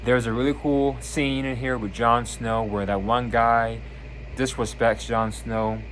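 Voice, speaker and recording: A man casually reviewing a TV season on his channel, retelling scenes with lively energy and acting out lines. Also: mid-range voice, measured pace, slight background noise. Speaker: video reviewer.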